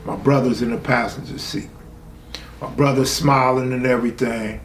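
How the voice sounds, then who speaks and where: A man's voice: medium pitch, fairly even intonation, moderate pace. Streetwise LA man telling a story. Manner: streetwise, profane, acts out quotes with raised voice. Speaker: host telling a true story. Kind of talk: casual storytelling. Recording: echoey room, faint background hum.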